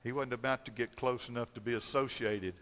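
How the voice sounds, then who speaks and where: Male pastor preaching with dramatic storytelling, forceful bright voice, long church reverb. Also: mid-range voice, steady tone, a little fast. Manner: dramatic storytelling, swinging from loud to hushed. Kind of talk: sermon. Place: church sanctuary.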